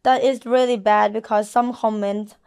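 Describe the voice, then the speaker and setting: A woman fighter with a Thai accent, speaking halting English with earnest candor. Her voice sits fairly high and comes through smooth and clear as she answers as a guest. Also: steady tone, darkish tone.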